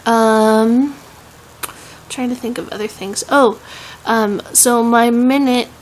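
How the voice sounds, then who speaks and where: A woman's voice: fairly high pitch, fairly even intonation, slow, low-quality recording. A young woman with a Southern US accent, chatting casually in a home vlog, rambling with many "um"s and laughs. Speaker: vlogger.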